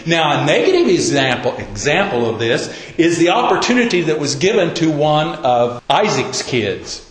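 A man's voice: a little high, sing-song, normal speed. A man preaching a sermon, telling the story in a folksy, conversational way. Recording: roomy echo.

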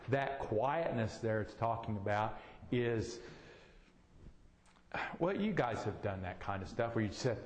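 A man's voice: medium pitch, animated, measured pace, roomy sound, in a large hall, a little hiss or hum. A man preaching a sermon, exhorting with repeated short commands in a church.

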